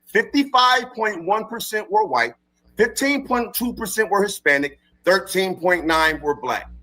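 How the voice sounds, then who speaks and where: A man's voice: sits high, lively intonation, measured pace, sharp tone, rough recording. A man on a live-stream panel reading statistics aloud and pushing on through interruptions.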